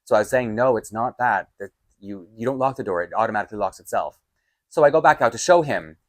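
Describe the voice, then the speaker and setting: Male vlogger, storytime, animated and exasperated, close dry mic. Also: on the low side, fast, dry recording. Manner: animated, exasperated storytelling with sudden loud outbursts. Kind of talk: casual storytime vlog.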